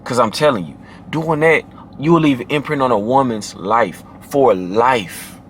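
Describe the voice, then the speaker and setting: A man giving casual dating advice to camera, emphatic and slangy, who drops into a deep low voice to demonstrate. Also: measured pace, fairly bright tone, slight background noise. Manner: emphatic and slangy, often adds "man" and "you feel me".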